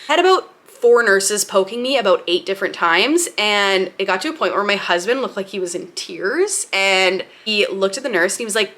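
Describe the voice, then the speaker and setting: Bright-voiced young woman telling a story. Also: mid-range voice, moderate pace, few pauses. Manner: chatty and candid, laughing often, with lively acted-out quotes. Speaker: lifestyle vlogger. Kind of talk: casual storytelling to camera.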